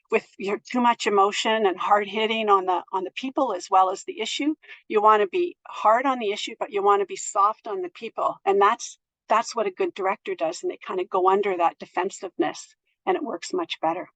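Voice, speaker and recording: A middle-aged woman giving a presentation on board governance in a thoughtful, gentle way, with many fillers and restarts. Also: mid-range voice, dry recording, dull audio. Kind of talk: presentation to an audience.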